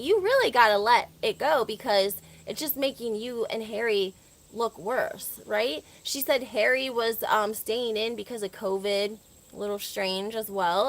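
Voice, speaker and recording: A woman's voice: medium pitch, fairly bright tone. A woman with a Southern American accent hosting a casual gossip livestream, chatty and opinionated, often laughing between her points. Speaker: reality TV recap host.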